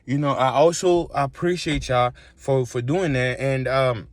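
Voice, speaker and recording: A man who vlogs and makes music rants casually to his phone camera from a coffee shop, rambling and emphatic as he throws rhetorical questions at viewers. His mid-range voice keeps a fairly even intonation and a measured pace, with a little hiss or hum in the audio.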